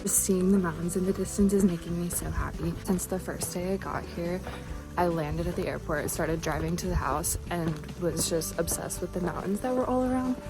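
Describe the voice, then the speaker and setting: A young woman with a lowish voice vlogs to the camera while hiking a mountain trail, chatty, upbeat, and out of breath at a moderate pace. It's casual narration on the move, with a music bed playing under her voice.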